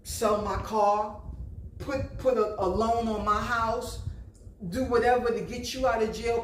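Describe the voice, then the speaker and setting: A woman's voice: mid-range voice, a little slow, a little hiss or hum. Blunt, emphatic woman over fifty delivering a vlog lecture; roomy echo, light ambience. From New Jersey. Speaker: vlogger. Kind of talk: casual monologue. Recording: echoey room with faint ambience.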